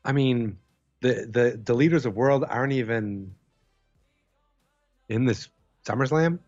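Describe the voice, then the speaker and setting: A man's voice: medium pitch, a little slow, darkish tone, no room sound, highs cut off, faint music behind. A man co-hosting a casual wrestling podcast over a call, goofy and teasing, throwing in silly bits. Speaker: podcast co-host.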